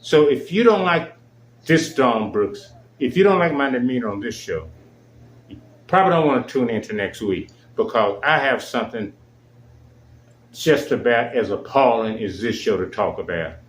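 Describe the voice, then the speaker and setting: A man's voice: mid-range voice, expressive, normal speed, a little hiss or hum. A man hosting his own show, delivering an indignant, emphatic monologue. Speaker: show host. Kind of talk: angry monologue. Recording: echoey room.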